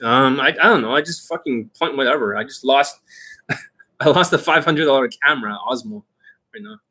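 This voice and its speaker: A man's voice: mid-range voice, animated, normal speed, bright, forceful tone. A man hosting an unscripted coaching Q&A, talking in a blunt, aggressive and profane way. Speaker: dating coach host.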